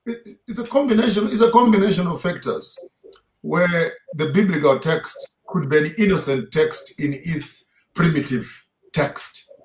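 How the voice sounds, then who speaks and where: A theologian guest with a voice on the high side lectures emphatically in an impassioned interview, firing off rhetorical questions, while the room sounds echoey.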